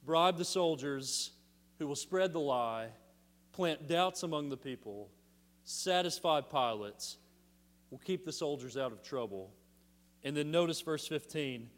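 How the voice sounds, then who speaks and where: Man preaching in a reverberant church. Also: fairly high pitch. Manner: animated preaching with rhetorical questions and emphatic pauses. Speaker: pastor. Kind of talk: sermon. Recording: long hall reverb.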